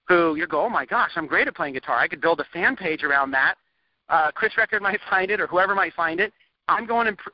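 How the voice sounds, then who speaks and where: Guy coaching online marketing, kinda high voice, chatty and restless, dry muffled recording. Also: no room sound. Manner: energetic, rambling, laughs often, many restarts. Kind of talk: recorded training lesson.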